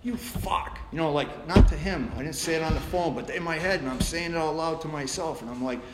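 A man's voice: fairly high pitch, fast. A middle-aged man telling his recovery story at a meeting, blunt and profane, with many restarts. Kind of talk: personal recovery share. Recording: echoey room with background noise.

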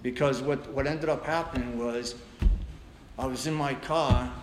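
A middle-aged man tells his recovery story in a blunt, profane way, often stopping and restarting his sentences. His voice carries through a roomy meeting hall with steady noise behind it. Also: mid-range voice, measured pace. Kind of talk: personal recovery share. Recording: echoey room with background noise.

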